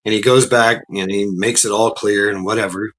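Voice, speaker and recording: A man's voice: on the low side, fairly even intonation, normal speed, a bit bright. A man, telling a story in a profane, rambling way and often repeating words. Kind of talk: casual storytelling.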